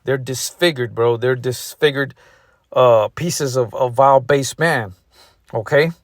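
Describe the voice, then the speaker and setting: A man delivers a furious, profane street sermon in a mid-pitched voice. He hammers each point home and caps almost every phrase with "man". The recording is close and dry, with no room echo. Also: unhurried. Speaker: street preacher. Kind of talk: angry ranting sermon.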